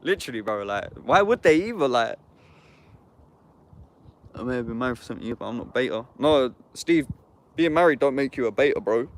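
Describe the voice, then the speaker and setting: A man's voice: medium pitch, lively intonation, fairly quick, long pauses. A man in a casual livestream chat, talking bluntly and heatedly, swearing and saying "bruv" constantly.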